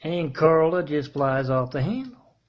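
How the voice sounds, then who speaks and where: A man telling a meandering story in a halting monologue, restarting his phrases often. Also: on the high side, lively intonation, lo-fi sound. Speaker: self-made video preacher.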